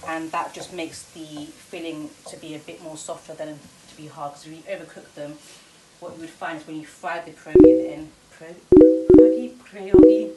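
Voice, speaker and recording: Young female vlogger with a low voice, relaxed and self-deprecating while cooking; kitchen noise behind her. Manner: chatty, self-deprecating, with fillers and laughs. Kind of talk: casual cooking demonstration. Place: home kitchen. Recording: noisy kitchen recording.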